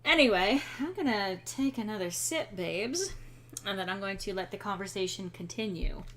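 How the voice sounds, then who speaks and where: A young woman chats through a game stream with a sarcastic edge, filling pauses with ums. Her voice sits at a middle pitch and stays casual. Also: expressive, a little hiss or hum. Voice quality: chatty and sarcastic, with frequent ums. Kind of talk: casual let's-play chat.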